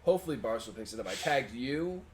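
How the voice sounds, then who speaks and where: A young man co-hosting a podcast, telling stories in a casual, profane, animated way and jumping loud for the parts he quotes. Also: mid-range voice, fast. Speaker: podcast co-host. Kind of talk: casual storytelling chat. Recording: amateur podcast audio with faint noise.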